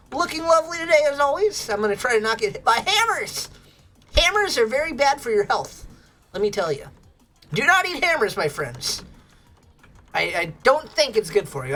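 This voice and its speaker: A woman's voice: high-pitched, a bit bright. A woman streaming a game, chatting casually and bubbly with her viewers and laughing often. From United States. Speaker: livestreamer. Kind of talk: casual chat with viewers while gaming.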